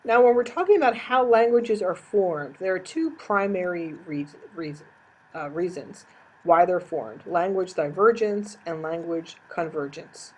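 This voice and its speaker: A woman's voice: lowish voice, measured pace, slightly rough, low-quality recording. A woman teacher giving a recorded lecture, explaining terms step by step and repeating key definitions.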